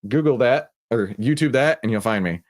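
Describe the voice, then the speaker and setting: A man's voice: medium pitch, animated, normal speed. A man with a Texan accent hosting a live stream, chatting casually and joking as he greets viewers by name. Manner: laid-back, jokey, greeting chat viewers by name. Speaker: livestream host.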